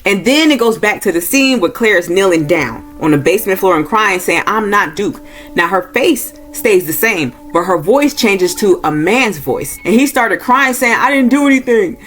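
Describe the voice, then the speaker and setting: A woman speaks at normal speed with few pauses, her animated voice a bit bright, as faint music plays behind her. In this casual plot recap and review, she talks loosely, uses "y'all," and acts out characters' lines with rising pitch.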